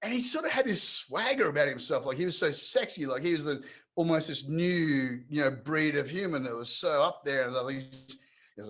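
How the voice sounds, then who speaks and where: A man co-hosting a casual podcast chat, animated, stumbling over his words and repeating himself as he rants. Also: fairly high pitch, a little fast. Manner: animated, repeats words, mocks others in put-on voices. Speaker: podcast co-host.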